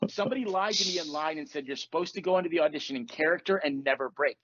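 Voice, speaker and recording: A man chats on a podcast at a quick clip, his voice sitting a little high. He tells his stories with energy, laughs often and slips into the voices of the people he quotes. The sound is muffled and lo-fi, as if from earphones on a call. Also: a bit bright. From Virginia. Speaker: podcast host. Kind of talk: casual storytelling chat.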